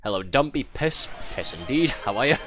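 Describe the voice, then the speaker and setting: A man's voice: medium pitch, big pitch swings, moderate pace, fairly bright tone, soft background music. A man doing live gameplay commentary, chatty and a bit flustered, laughing often as he reads out viewer messages. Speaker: streamer.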